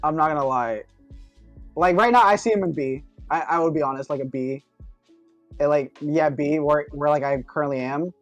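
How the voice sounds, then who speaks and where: Brief: male co-host, slightly high voice, easygoing explainer, faint music underneath. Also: normal speed, muffled recording. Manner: relaxed, explains with lots of "like". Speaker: stream co-host. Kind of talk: casual group chat on a stream.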